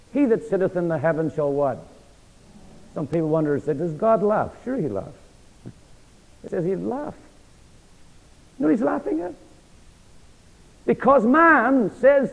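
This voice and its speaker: A man preaching an expository sermon, reading verses slowly and emphatically and quizzing listeners with "what?" before key words. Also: high voice, a little mellow. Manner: reads scripture slowly and emphatically. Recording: dull recording in a large reverberant hall.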